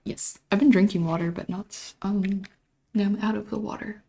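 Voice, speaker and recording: Brief: woman art streamer, sore throat, giggly chat with viewers, mid-pitched, slips into whispers. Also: steady tone, moderate pace, creaky, mellow. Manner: chatty, giggly, greets and thanks chat. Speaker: livestreaming artist.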